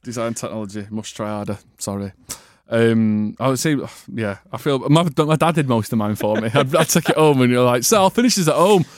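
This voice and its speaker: A man co-hosting a podcast, chatty and joking as he spins stories from school days. His voice sits at an ordinary middle pitch. It is recorded close and dry, with no room sound. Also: brisk, hardly any pauses, no room sound. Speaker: podcast co-host. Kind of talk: casual chat.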